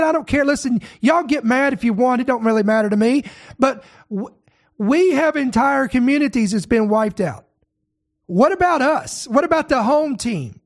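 With a very high-pitched voice, the ministry leader fires off rhetorical questions on his online show, his commentary indignant and full of passion.

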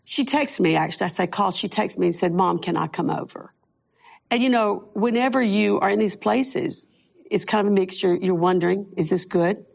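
A woman's voice: medium pitch, a little fast, creaky, darkish tone. A middle-aged woman, a guest author, tells a heartfelt personal story on a faith talk show, close to tears.

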